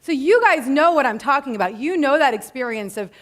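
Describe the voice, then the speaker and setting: A woman's voice: sits high, lively intonation, fairly quick. A woman in her thirties giving an earnest inspirational talk to a live audience, mixing casual slang with spiritual phrasing. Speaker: motivational speaker.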